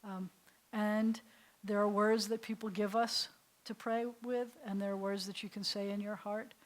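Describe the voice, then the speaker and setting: A woman's voice: mid-range voice, little pitch movement. Woman rabbi teaching a prayer class. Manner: recites Hebrew prayers slowly, then translates phrase by phrase. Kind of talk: adult education class on prayer.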